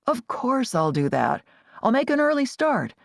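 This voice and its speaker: A woman voicing a calm, steady young Amish man who speaks in a lowered, reassuring voice. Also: measured pace, creaky, no echo, clean studio sound, exaggerated voice.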